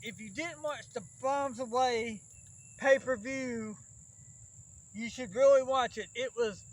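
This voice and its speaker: Host for a backyard wrestling vlog: a very high-pitched man with a Southern Alabama accent, rambling and worried, recorded outdoors among insects. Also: rough recording. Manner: rambling and fretful, with restarts. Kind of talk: casual rambling vlog talk.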